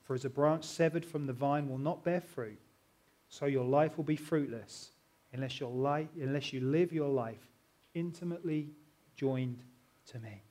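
A middle-aged man preaching a sermon as pastor, earnest and animated, swinging between loud and soft. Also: medium pitch, normal speed.

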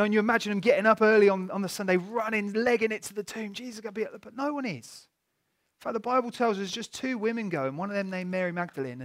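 Male preacher, fairly high pitch, conversational and animated, talks straight to the congregation. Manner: animated, conversational storytelling with rhetorical questions. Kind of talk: sermon.

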